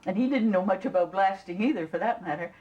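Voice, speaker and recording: An older woman recalling the past in an interview, halting and repeating words as she tells her story. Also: medium pitch, lo-fi sound. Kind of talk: reminiscing interview.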